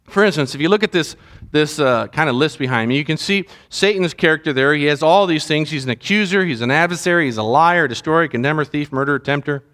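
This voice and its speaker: A man with a fairly high voice delivers a sermon as a pastor. He speaks in an earnest, conversational way and often turns to his listeners with asides. He sounds middle-aged. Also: fast talker, fairly bright tone.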